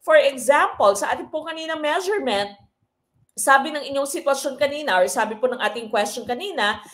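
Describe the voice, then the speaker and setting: A woman's voice: high-pitched, animated, quick pace, fairly bright tone. A woman with a Filipino accent coaching a live online exam review, switching between English and Filipino and often asking "no?". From Philippines. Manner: mixes English and Filipino, frequent tag "no?".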